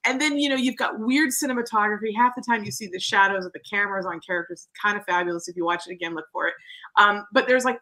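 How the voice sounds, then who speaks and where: A woman co-hosting a casual podcast chat about a movie, animated and laughing, acting out quoted voices. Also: mid-range voice, fast, low-quality recording.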